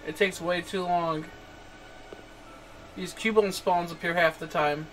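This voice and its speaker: A young man giving let's-play commentary, excitable and swearing a lot, chatting to the creatures on screen and yelling at surprises. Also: high-pitched, unhurried, a little hiss or hum. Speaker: game streamer.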